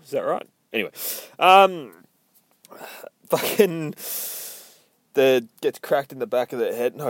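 A man's voice: mid-range voice, no echo. A man, casually recapping a comic book in a rambling, profane, joking way.

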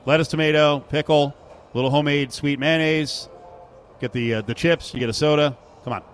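A man's voice: a little high, steady tone, a little fast, soft background music. A man hosting a casual sports radio show from a sportsbook, chatting, joking and reading live ads. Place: sportsbook broadcast booth.

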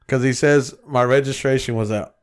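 A man co-hosting a podcast, telling stories in a casual, profane, animated way and acting out quotes. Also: mid-range voice, moderate pace. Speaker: podcast co-host. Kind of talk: casual chat.

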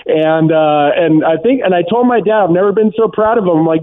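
A man's voice: high voice, brisk. A man from Southern California calling in to a sports radio show, rambling with earnest fan enthusiasm. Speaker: caller. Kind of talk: phone call to a radio show. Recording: tinny phone line.

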